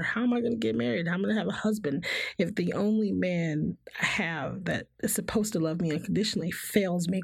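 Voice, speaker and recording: A woman's voice: fairly low pitch, gravelly, slightly rough, no echo. A woman guest talking candidly about her life, laughing often and acting out the voices of people she quotes. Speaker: podcast guest. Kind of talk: candid personal conversation.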